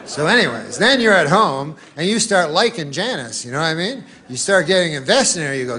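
A middle-aged man from Canada doing deadpan stand-up, rambling through a long story and putting on voices for newsmen. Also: fairly high pitch, a little fast, few pauses. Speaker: stand-up comedian.

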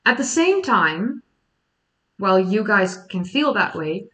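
A woman's voice: medium pitch, big pitch swings, slow, a bit bright, recorded from a distance, poor audio. Chatty Dutch woman, a bit off-mic. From Netherlands. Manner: chatty, explains at length. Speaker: history YouTuber. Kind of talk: casual livestream chat answering questions.

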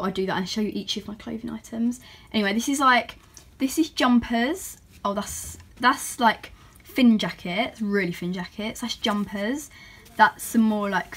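A teenage girl giving a casual room tour, chatty and gushing, sometimes dropping to a soft near-whisper. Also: fairly high pitch. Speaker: vlogger. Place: bedroom at home.

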